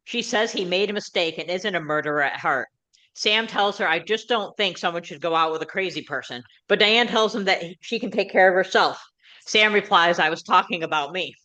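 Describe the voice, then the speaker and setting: Woman podcast host recapping a sitcom, bright sharp voice, hard of hearing. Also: lowish voice. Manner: recaps plot in quick run-on sentences. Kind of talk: episode recap and casual chat.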